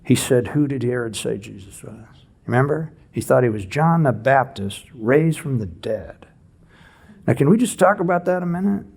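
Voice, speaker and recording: A man preaching a conversational expository sermon in a church, teaching with lively rhetorical questions. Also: mid-range voice, normal speed, gravelly, slightly rough. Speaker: pastor.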